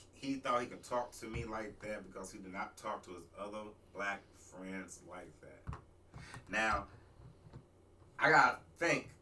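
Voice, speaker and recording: Man, talk show host, casual storytelling, animated, rambling, bright tone, recorded from a distance. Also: medium pitch, slight background noise. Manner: rambling, animated, restarts and asides.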